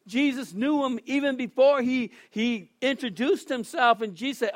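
A man preaching a casual sermon, animated, often restarting and acting out quotes. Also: very high-pitched, brisk, no echo, studio quality.

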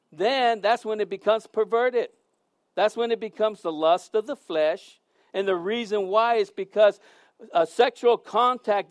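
A man's voice: sits high, dry recording, studio quality. A man preaching a sermon, earnest and emphatic, often repeating words as he goes.

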